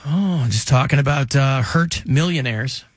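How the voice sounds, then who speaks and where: A man's voice: medium pitch, a little slow, dry recording. A man hosts a casual talk radio show in a dry, close studio sound. He jokes wryly, rambles through asides and keeps his voice in an ordinary middle register. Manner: wry, joking, rambling asides.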